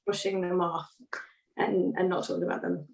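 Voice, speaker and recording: A woman's voice: lowish voice, flat delivery, moderate pace, gravelly, darkish tone. Chatty woman, distant, roomy sound. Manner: chatty, laughing, self-deprecating. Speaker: singer, interview guest. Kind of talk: casual interview chat.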